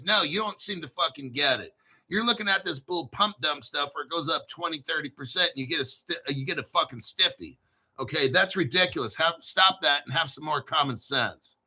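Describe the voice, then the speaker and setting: A man's voice: high voice, pushed and bright. A man hosting casual crypto commentary, swearing freely and bantering back and forth with himself.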